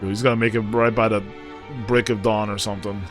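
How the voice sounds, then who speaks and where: A man hosting a casual anime reaction, excitable and slangy, exclaiming at the screen. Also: lowish voice, fast talker, faint music behind. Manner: slangy, says dude and bro a lot. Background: anime audio playing faintly.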